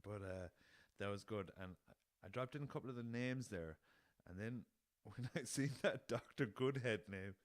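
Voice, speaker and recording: Young Irish male podcast host, deep voice, loose and jokey, swears a lot, dry recording. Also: normal speed, few pauses, dry recording. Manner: laughing at his own jokes, swears freely, rambling. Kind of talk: casual solo podcast chat.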